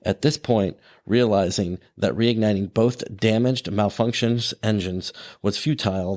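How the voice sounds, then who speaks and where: A man hosting a podcast, his voice sitting a little low. He narrates in a relaxed, conversational way, adding fillers and side remarks as he goes. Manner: casual, with fillers and asides. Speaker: podcast host.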